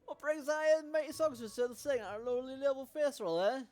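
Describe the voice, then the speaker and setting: A woman voicing a brash rival woman who heckles a singer, in a gruff, butch English accent. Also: sits high, fairly quick, soft background music, pitched above the performer's own voice, lightly acted. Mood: taunting. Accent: rough English. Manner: jeering, loud.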